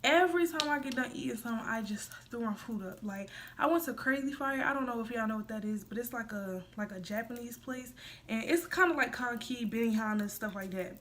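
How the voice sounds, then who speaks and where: A young American woman with a slightly high, brisk voice and lively intonation tells a casual storytime vlog into her phone. Chatty and rambling, she's full of fillers and talks straight to her viewers.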